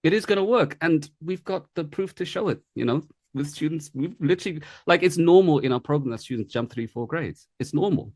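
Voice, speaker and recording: A man teaching a live online lesson, talking fast and casually and checking in with "right?" after nearly every point. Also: fairly high pitch, a little mellow, dry recording, studio quality. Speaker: English tutor.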